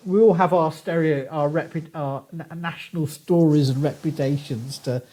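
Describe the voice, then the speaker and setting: A man's voice: a little high, fairly even intonation, normal speed, warm tone, poor audio. A middle-aged man with a Southern English accent, a guest archaeologist telling chatty anecdotes with frequent laughs in a casual podcast conversation. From southern England.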